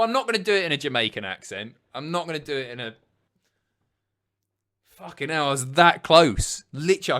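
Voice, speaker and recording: Reading chat aloud on his casual livestream, this thirtysomething man swears and wanders off topic, swinging between shouting and muttering. His medium-pitched voice comes across smooth.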